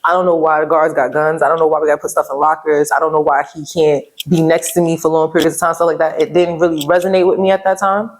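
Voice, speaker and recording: Young Brooklyn woman, guest on a casual talk show, quick lively storytelling, New York accent. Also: sits low, rough recording. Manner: animated storyteller, acts out quotes, laughs often.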